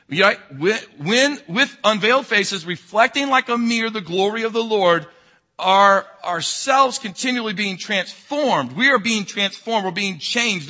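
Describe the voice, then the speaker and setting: Guy pastor preaching, kinda high voice, super bright and a little husky, gets loud then goes quiet. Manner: swings from loud emphatic preaching to low quiet intensity. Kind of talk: sermon.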